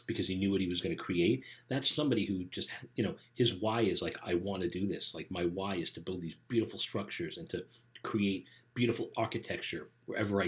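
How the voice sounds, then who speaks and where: A middle-aged man, a life coach for teens, giving a casual motivational talk. He speaks conversationally and often tags his sentences with "right?". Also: sits low.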